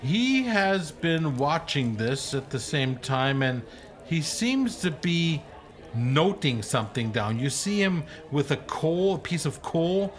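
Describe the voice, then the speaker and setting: A man's voice: a little high, very animated, slow. A man narrating a tabletop game as game master, loose and hesitant with many fillers.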